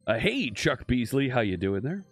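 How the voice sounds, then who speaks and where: A man's voice: medium pitch, big pitch swings, moderate pace, husky, faint music behind. A man hosting a live coding stream, chatting casually and thinking aloud with frequent fillers and restarts.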